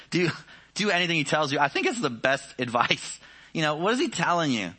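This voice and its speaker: A man's voice: mid-range voice, brisk. Conversational man preaching a sermon. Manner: conversational, frequent "you know", lively rises and drops to quiet questions.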